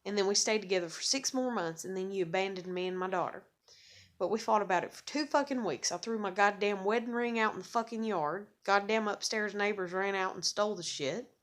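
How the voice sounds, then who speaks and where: A woman's voice: mid-range voice, a little fast, fairly bright tone. A woman unloads in a raw vlog rant, her talk thick with curses. She is blunt and bitter and stumbles back over her own words as she grows agitated. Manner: heavy swearing, bitter and blunt; repeats and restarts words when agitated. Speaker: vlogger. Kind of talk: angry ranting monologue to camera.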